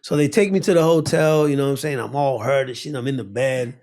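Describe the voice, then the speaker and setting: Gravelly-voiced man telling a wild story. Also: mid-range voice, steady tone, fast talker, darkish tone. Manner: acts out voices in his stories, laughs often. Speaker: guest. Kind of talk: animated storytelling in conversation.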